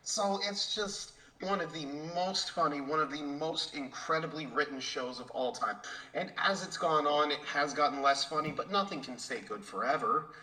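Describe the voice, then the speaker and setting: A man's voice: on the high side, moderate pace, bright, forceful tone, poor audio. A man co-hosting a podcast, ranting in an enthusiastic, swearing way and tripping over repeated words. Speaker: podcast co-host. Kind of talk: casual podcast rant.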